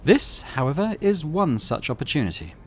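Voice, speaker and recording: A man's voice: on the high side, big pitch swings, normal speed, slight background noise, voice pushed up. A man putting on a dry, haughty noblewoman captain. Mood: imperious. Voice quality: dry, commanding. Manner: haughty, imperious. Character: cold predatory noblewoman starship captain.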